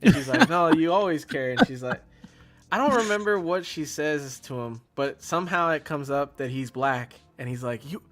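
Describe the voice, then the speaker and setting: A man's voice: a little high, expressive, normal speed, fairly bright tone. A man co-reviewing a comedy film in casual chat, laughing and acting out the lines. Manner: laughing, acts out movie lines. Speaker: guest co-reviewer.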